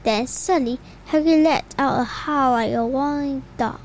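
A woman reading a children's storybook aloud in an unhurried way, with occasional slips and restarts. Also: sits high, slight background noise, rough recording. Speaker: reader.

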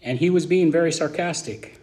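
Moving briskly through a passage verse by verse, this pastor preaches in a high-pitched voice. His tone is casual and forceful, alternating between booming moments and hushed side comments.

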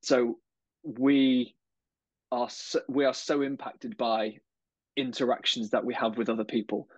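Flat-voiced man, thoughtful coach. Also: medium pitch, unhurried, no echo. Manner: thoughtful, repeats words while finding phrasing. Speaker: guest, coach. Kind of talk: conversational podcast interview. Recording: dull, slightly lo-fi dry sound.

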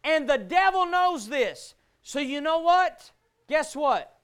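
Male preacher, very high bright voice, smooth, fervent shouting delivery. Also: animated, slow pace. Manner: preaching with rising shouts and rhetorical questions. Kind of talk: sermon.

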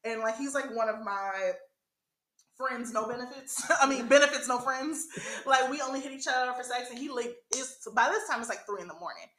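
A young woman talks through a wild personal story for a podcast, swearing freely and breaking into laughs. Her voice sits a little high and bright, and the room around her rings with echo. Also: brisk. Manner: animated, profane, laughs often. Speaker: podcast host. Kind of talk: casual storytelling chat.

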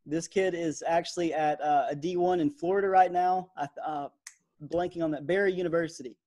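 A young man in his twenties co-hosting a podcast, chatting in a relaxed way with lots of fillers. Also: on the high side, brisk. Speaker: podcast co-host. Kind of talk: casual sports podcast chat.

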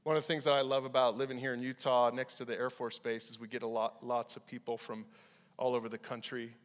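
A man preaching a casual, animated youth sermon, acting out the people in the story in quick voices. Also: mid-range voice. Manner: animated, acts out quoted voices. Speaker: pastor. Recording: hall reverb.

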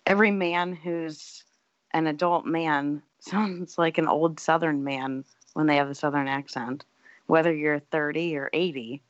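A woman's voice: sits low, fairly even intonation, measured pace, dry recording, dull audio. A woman guesting on a casual podcast, making wry remarks.

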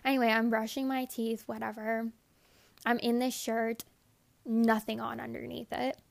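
A young woman telling a story straight to camera, casual and unfiltered. Her voice sits a bit high and carries plenty of vocal fry. She keeps dropping into quoted inner monologue and fills her talk with "like". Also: level tone, moderate pace. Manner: candid, profane, rambling with many "like"s; acts out her own inner thoughts in quotes.

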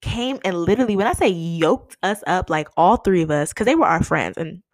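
A young woman tells a story in a lively, swooping voice, acting out what people said with big leaps in pitch. The recording is close and dry, with no room sound. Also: a little fast, no echo. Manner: animated, acts out quoted lines with big pitch jumps. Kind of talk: casual storytelling.

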